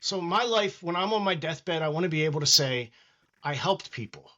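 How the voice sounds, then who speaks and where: A middle-aged man with a fairly high voice talks as a guest in a casual interview. His tone is bright and forceful, earnest and reflective. He acts out the voices of people he quotes. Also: brisk. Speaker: guest wrestling trainer.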